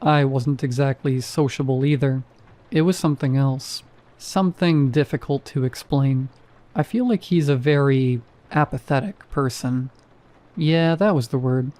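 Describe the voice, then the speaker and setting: A man's voice: medium pitch, a little slow, a little mellow. A man narrating a first-person horror story in a wry, conversational way.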